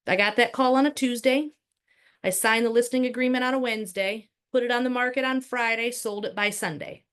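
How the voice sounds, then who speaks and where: Running a live real estate workshop, this trainer speaks a little fast in a slightly high voice, keeping it animated and conversational with frequent rhetorical questions.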